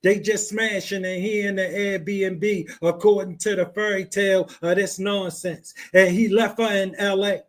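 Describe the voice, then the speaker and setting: High-voiced man giving blunt commentary. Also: steady tone, a little slow, few pauses. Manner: blunt, dismissive, slangy. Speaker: podcast host.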